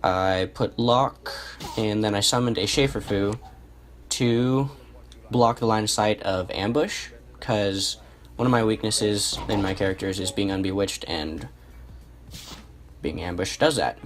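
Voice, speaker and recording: Low-voiced man narrating his own match. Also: unhurried. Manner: relaxed, self-correcting, thinks aloud. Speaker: gameplay commentator. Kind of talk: casual match commentary over gameplay. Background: music.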